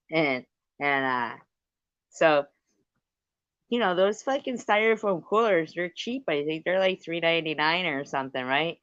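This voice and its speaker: A woman's voice: low voice, expressive, unhurried, pauses often, a bit bright, no echo. Woman, livestream host, casual storytelling, swears freely, dry close sound, lo-fi. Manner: rambling, swears freely, laughs often, thanks viewers.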